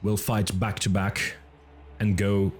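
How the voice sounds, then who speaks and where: A man voicing a proud, grim mercenary captain in an audiobook, speaking in a grating, stern voice a little higher than his narration. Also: monotone, takes it slowly, a little hiss or hum. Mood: grudging.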